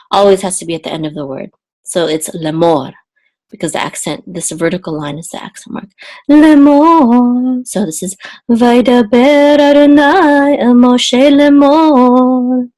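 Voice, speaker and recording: Female Hebrew tutor, slightly sore throat, patient explainer who breaks into sung chant phrases. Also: fairly low pitch. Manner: explains slowly, then chants the trope melodies. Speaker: Hebrew teacher. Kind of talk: online Bible Hebrew lesson.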